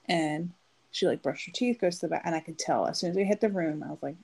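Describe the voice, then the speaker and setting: A woman's voice: sits low, fast, vocal fry, a little mellow, slightly rough, poor audio. A woman in her thirties, a podcast co-host telling a long story in casual chat and acting out the quotes. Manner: chatty storytelling, acts out quotes.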